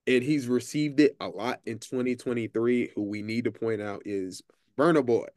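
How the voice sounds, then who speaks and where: Another bold, emphatic, heavily profane co-host from Texas chats on a casual podcast. He has a medium-pitched, darkish voice at ordinary speed, recorded studio-clean with no room sound.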